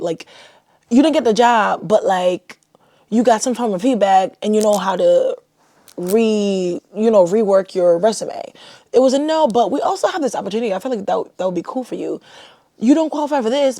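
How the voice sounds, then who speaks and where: Young woman from haiti rambling on her podcast, warm mellow tone, lots of likes, dry close sound. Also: mid-range voice, dry recording. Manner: chatty and self-deprecating, with lots of "like". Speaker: podcast host. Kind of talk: casual solo podcast chat.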